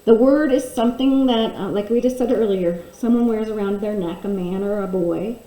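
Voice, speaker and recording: Woman, phonics teacher, slow clear letter sounds, warm tone, roomy echo. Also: medium pitch. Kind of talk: phonics lesson for children. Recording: echoey room.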